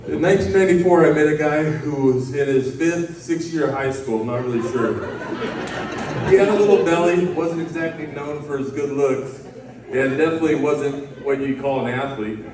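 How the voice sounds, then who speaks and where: A man reading a prepared eulogy with steady, wry storytelling. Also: fairly high pitch, moderate pace, slight background noise. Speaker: eulogy speaker. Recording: echoey hall, distant mic.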